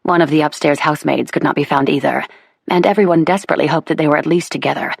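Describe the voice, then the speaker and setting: Low, gravelly woman narrating. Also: fairly even intonation, quick pace, no room sound, studio quality. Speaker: audiobook narrator. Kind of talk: scripted narration of a romance novel.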